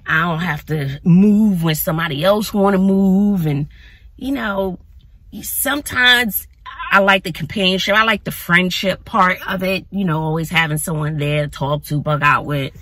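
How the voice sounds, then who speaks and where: Lady vlogging from her car on her phone, chatty, kinda husky voice. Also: on the low side, normal speed, no echo. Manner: chatty, animated, addresses viewers as y'all. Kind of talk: casual vlog talk to camera. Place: in or near her car outdoors in sun.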